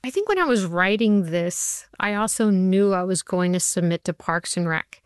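A woman who writes and created a TV show, a guest in an interview who tells lively stories and acts out the voices of people she quotes. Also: medium pitch, normal speed, clean tone, no room sound, studio quality. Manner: animated storyteller acting out quoted voices. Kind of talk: interview, anecdotal storytelling.

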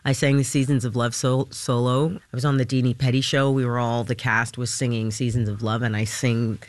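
A man's voice: medium pitch, level tone, fairly quick, no echo. A man who sings on stage, talking as an interview guest, thoughtful and searching for words. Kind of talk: casual interview talk. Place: radio studio. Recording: dry studio sound.

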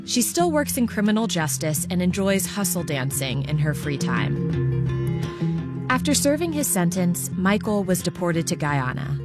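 A woman hosting a radio show, giving a calm, scripted wrap-up of a story. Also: on the low side, a little slow. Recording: loud music and crowd behind.

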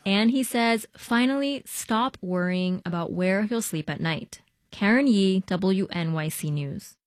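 A woman reading a radio news report in a measured, even way. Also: mid-range voice, no room sound, clean studio sound. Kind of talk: scripted news narration.

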